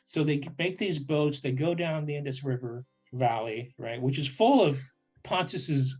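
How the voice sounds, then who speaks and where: A man casually telling a history story with humor, acting out characters' lines in quick voices. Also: a little high, muffled recording, faint music behind. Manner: animated, acts out quotes in voices, restarts often. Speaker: podcast co-host.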